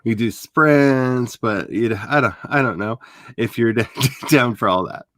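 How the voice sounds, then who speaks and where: A man with an Ozarks accent chatting casually on a livestream, telling stories and acting out quick silly voices. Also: dry recording. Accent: Ozarks Southern US. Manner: animated storyteller who jumps into squeaky voices. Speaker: author hosting a livestream.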